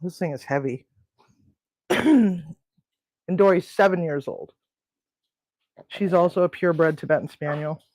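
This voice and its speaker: A woman's voice: on the low side, slow pace, long pauses, a little mellow, no echo. A woman hosting a casual home cooking video, rambling and chatty, cooing at her pets. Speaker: home cooking show host. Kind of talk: casual cooking and pet chat.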